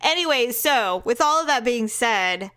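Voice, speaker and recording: Woman cohost chatting on a podcast, animated, laughs a lot, highish voice. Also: unhurried, clean tone. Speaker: podcast co-host. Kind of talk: casual chat.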